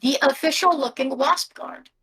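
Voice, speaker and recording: A woman's voice: high voice, moderate pace, vocal fry, fairly bright tone. A woman narrating a tabletop game as game master over a video call, descriptive and prone to self-corrections.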